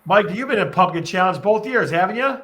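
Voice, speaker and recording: Energetic guy hosting a live real estate stream, kinda high voice, says stuff twice. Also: fairly quick. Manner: energetic, repeats questions to the chat. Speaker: real estate show host. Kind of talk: live-stream show talk.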